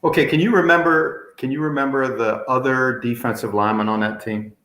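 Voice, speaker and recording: Storytelling man host in an echoey room. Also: mid-range voice. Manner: animated storyteller, quick asides. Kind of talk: casual interview chat.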